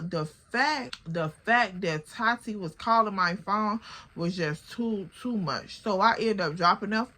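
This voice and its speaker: A young woman with a bright, forceful voice, telling a storytime to her viewers. She talks in a casual, animated way, full of slang and cursing. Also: mid-range voice. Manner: animated, slangy and profane, addresses viewers as girl.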